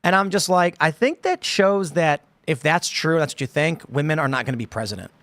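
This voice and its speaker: A man's voice: on the high side, expressive, a little fast, a bit bright, dry recording. Chatty man on a dry mic. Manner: rambling, acts out quotes in put-on voices. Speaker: podcast host. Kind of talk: casual political chat.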